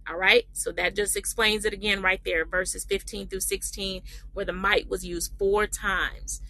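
Bright-voiced woman teaching the Bible. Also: medium pitch, poor audio. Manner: reads scripture slowly, then explains emphatically with repetition.

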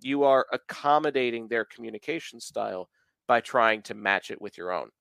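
A man's voice: mid-range voice, animated, moderate pace, gravelly, a bit bright, clean tone, no room sound. A man in his thirties from the American South, talking at length as a podcast host, with plenty of filler words. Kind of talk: casual podcast chat.

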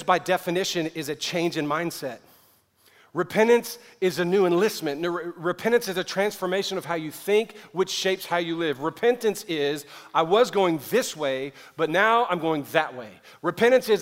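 High-voiced preacher in a reverberant hall. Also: male voice. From American South. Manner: preaching with sharp swings from loud to hushed, conversational asides. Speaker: pastor. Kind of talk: sermon. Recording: long reverb of a large hall.

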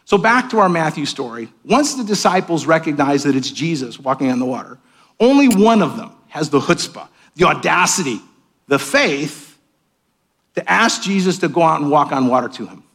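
Animated male pastor preaching a sermon. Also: a little high, moderate pace, slightly rough. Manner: animated preaching, swings between raised emphatic lines and hushed asides. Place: church sanctuary with cameras.

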